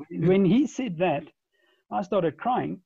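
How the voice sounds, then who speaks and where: Telling a long story as an interview guest on a podcast, a man in his forties frequently trips over repeated words and starts again. He sounds gravelly and husky, slightly high-pitched yet dark and mellow, on a dull, lo-fi, dry recording.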